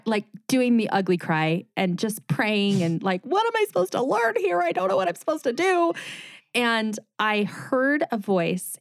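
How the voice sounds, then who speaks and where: A middle-aged woman talks through her own story as an interview guest. She lively acts out what others said to her. Her voice sits at an ordinary pitch and sounds dry and close, with no room around it. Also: dry recording. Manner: animated retelling with quoted dialogue and laughs. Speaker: guest, former news reporter turned designer.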